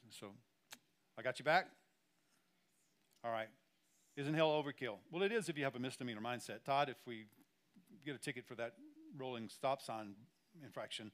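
A man's voice: medium pitch, brisk, long pauses, fairly bright tone. A man preaching a sermon as pastor, talking conversationally and emphatically, repeating phrases and speaking straight to the congregation.

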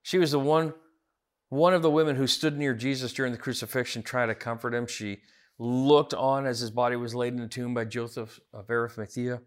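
A man's voice: mid-range voice, little pitch movement, fairly quick. A man as pastor preaching a sermon, earnest, building to emphatic repeated phrases. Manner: earnest, rising emphatic repetitions.

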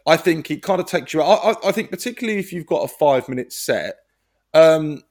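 A man's voice: a little high, lively intonation, fast, darkish tone. A man in casual podcast chat, rambling, swearing and laughing as he talks about films and stand-up. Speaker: podcast co-host and stand-up comic.

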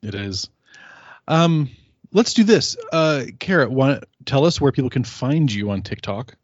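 A man's voice: medium pitch, expressive, measured pace, no room sound. Rambling man hosting a podcast chat. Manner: rambling, self-correcting, laughs often. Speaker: podcast host. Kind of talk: casual chat. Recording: slightly muffled dry podcast audio.

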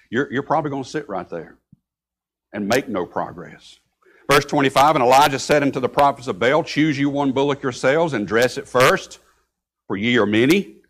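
A man preaching a sermon at an average, middle pitch. His delivery is mostly conversational, but he breaks into sudden loud outbursts when he quotes scripture. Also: expressive, normal speed. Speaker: pastor.

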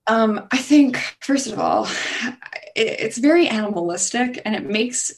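A woman's voice: fairly high pitch, animated, a little slow. A young adult woman talking as a podcast guest in a casual interview, chatty and full of "like", acting out the voices she quotes. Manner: chatty, heavy use of "like", acts out quoted voices.

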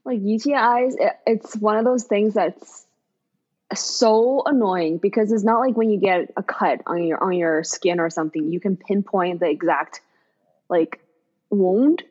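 A woman co-hosting a podcast in casual chat, reacting with quick interjections and talking about her own experience. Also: mid-range voice, a little mellow, muffled recording. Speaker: podcast co-host.

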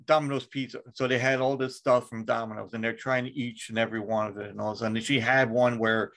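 A man's voice: medium pitch, fast talker, vocal fry. A man hosting a podcast in casual chat, rambling and swearing freely as he tells stories. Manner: profane, rambling, animated storytelling. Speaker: podcast host.

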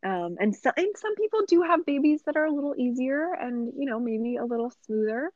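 A woman guest and yoga teacher, talking in a relaxed, reflective way with many fillers and frequent laughs. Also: sits high, a little fast, no room sound. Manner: chatty and reflective, many "you know" fillers, laughs often. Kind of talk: casual podcast conversation. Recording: dull, lo-fi sound.

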